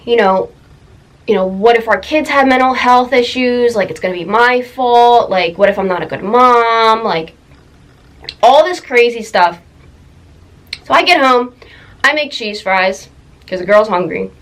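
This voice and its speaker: A young woman telling a personal story in a confessional vlog, halting, full of fillers and close to tears. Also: a little high, a bit bright, rough recording. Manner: emotional, halting, many fillers. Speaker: vlogger.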